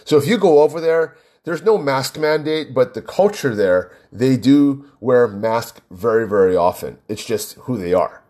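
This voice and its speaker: A man's voice: mid-range voice, animated, a little slow, few pauses, dark tone. A man giving a casual, heated monologue, repeating words for emphasis and firing off rhetorical questions. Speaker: commentator. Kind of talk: casual political rant to camera. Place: Hawaii.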